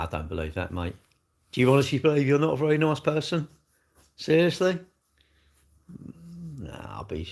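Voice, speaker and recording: Chatty older man, gravelly. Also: fairly low pitch. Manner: chatty, blunt, jokey, answers viewers' comments aloud. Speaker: livestream host. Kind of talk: casual livestream chat reading comments. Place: indoors, seated.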